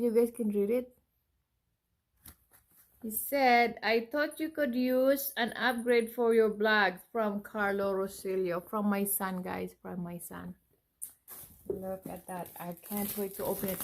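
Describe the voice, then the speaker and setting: A woman's voice: medium pitch, darkish tone. A middle-aged woman, unboxing a gift on her casual vlog, gushing and repeating her exclamations. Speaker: vlogger.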